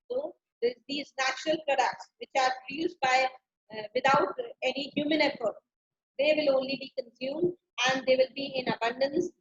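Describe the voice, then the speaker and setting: High-voiced woman teaching. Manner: paraphrases and explains in simple words, with restarts. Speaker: literature teacher. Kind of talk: explaining a play line by line. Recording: dull lo-fi recording.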